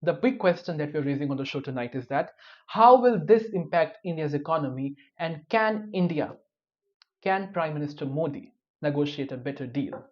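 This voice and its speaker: News host making wry asides, dull audio. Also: male voice, on the high side, lively intonation, normal speed. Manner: reads headlines with wry personal asides. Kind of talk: live news commentary.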